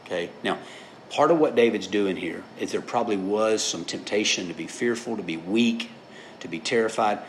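A man's voice: fairly low pitch, normal speed, a little hiss or hum. A middle-aged man preaching a sermon in a conversational, storytelling way, often checking in with his listeners. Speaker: pastor.

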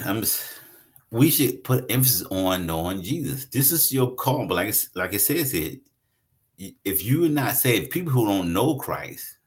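Male pastor, deep voice with animated pitch; conversational sermon delivery. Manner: conversational preaching with lively swings in pitch; reads scripture aloud, then explains it.

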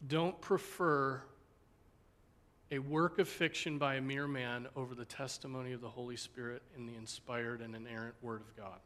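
Earnest pastor teaching a Bible class. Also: male voice, medium pitch, fairly even intonation, normal speed, fairly bright tone. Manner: earnest, asks "right?" and "okay?" often; ends in a spoken prayer. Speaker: pastor teaching Sunday school.

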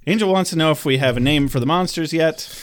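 A man's voice: on the high side, fast talker. A male podcast co-host recapping a TV episode in casual chat, sarcastic and swearing freely.

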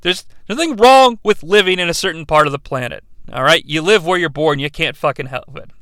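A man's voice: on the high side, a little fast, sharp tone, no echo. A man reviewing a movie in a sarcastic, profane, rambling comedic rant.

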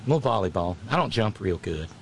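A man's voice: on the low side, sing-song, fast talker, slight background noise. Rambling man chatting with viewers. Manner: rambling, self-correcting, wry asides. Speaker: livestream host. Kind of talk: casual chat reading viewer comments.

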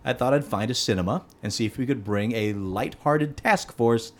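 A man's voice: medium pitch, normal speed. A man reading a news story aloud to his co-hosts in casual banter.

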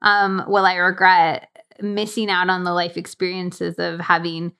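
A woman's voice: lowish voice, flat delivery, measured pace, bright, forceful tone, clear, resonant tone. Chatty, reflective young woman podcaster. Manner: chatty, reflective, many fillers. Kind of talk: casual chat. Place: recording studio. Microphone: studio microphone.

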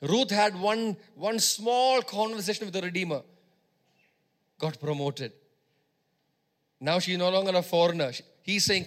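A male preacher with a high, bright, forceful voice. He preaches emphatically and repeats key lines for stress. His delivery moves from hushed teaching to ringing exhortation. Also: unhurried, long pauses. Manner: emphatic, repeats phrases for stress, swings between loud exhortation and quiet teaching. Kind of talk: sermon.

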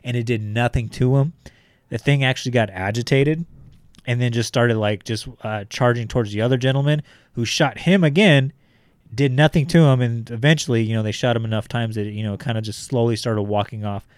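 A man's voice: medium pitch, steady tone, fairly quick, clear, resonant tone, no room sound. A man co-hosting a podcast, telling stories in a loose, profane way full of fillers. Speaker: podcast co-host. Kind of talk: casual storytelling.

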